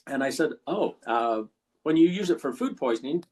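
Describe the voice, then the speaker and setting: An older man with a husky voice telling folksy stories as a podcast guest, acting out the lines of people he talked with. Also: mid-range voice, animated, normal speed, darkish tone. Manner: folksy anecdotal storyteller, acts out callers' lines. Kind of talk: storytelling in a podcast interview.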